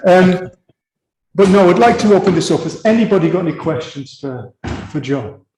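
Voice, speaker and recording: A man's voice: high-pitched, expressive, normal speed, dark tone, echoey room, slight background noise, low-quality recording. A man hosting a retreat chat, jovial and chatty, laughing often. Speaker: retreat host. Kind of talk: casual chat.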